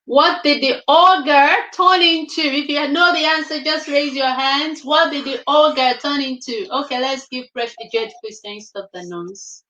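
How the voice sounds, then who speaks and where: A woman hosting a children's reading show over a video call, briskly questioning and coaxing the young readers like a teacher. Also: high-pitched, sharp tone, reverberant, rough recording. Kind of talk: casual chat quizzing children.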